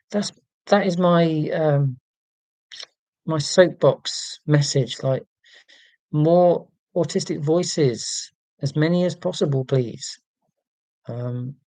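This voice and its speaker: On a casual livestream, a man reads viewer comments and talks in a rambling, earnest, self-deprecating way, stumbling over plenty of ums and restarts. His voice is a little high and a little mellow, recorded roughly with no room sound.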